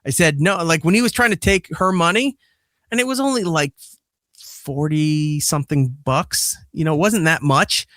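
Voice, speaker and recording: A man's voice: a little high, moderate pace, no echo, studio quality. A man who hosts a podcast, telling a casual story with lots of swearing and acting out the quoted lines. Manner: profane, animated retelling that acts out quoted lines. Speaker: podcast host and father.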